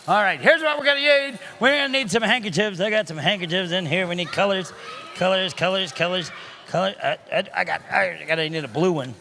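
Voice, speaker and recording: High, bright-voiced joking magician man. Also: brisk, vocal fry, a little hiss or hum. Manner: playful, teasing, loud, calls out to the crowd. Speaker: magician and children's entertainer. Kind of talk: comic magic show patter for kids. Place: synagogue sanctuary in front of a live audience.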